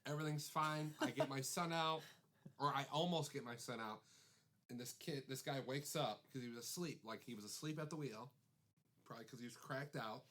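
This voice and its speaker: A man's voice: medium pitch, fairly quick. A man co-hosting a podcast, telling a story in casual chat, swearing freely and acting out the quotes. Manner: animated, swearing anecdotes, acts out quotes. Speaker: podcast co-host.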